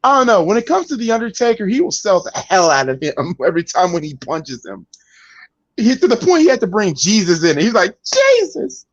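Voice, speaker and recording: A man's voice: high voice, fairly quick, no echo. A man hosting a podcast, chatting casually about wrestling and acting out the wrestlers' lines as he tells the stories. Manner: animated storyteller, acts out wrestlers' lines with big voice swings. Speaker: podcast host. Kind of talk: casual wrestling recap chat. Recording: dull lo-fi sound.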